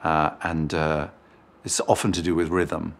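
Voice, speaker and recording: A man's voice: extremely low pitch, little pitch movement, unhurried, slight background noise. A British man, a dialect coach, explaining accent work thoughtfully in an interview. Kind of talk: making-of interview.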